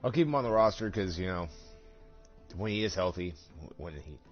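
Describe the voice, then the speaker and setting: A young man streaming a game from home, chatting casually and swearing a lot, laughing and working himself up into loud rants. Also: low voice, normal speed, faint music behind. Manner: animated and profane, laughing, rising to loud excited rants. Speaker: gaming streamer. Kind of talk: casual chat while streaming. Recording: dull lo-fi stream audio.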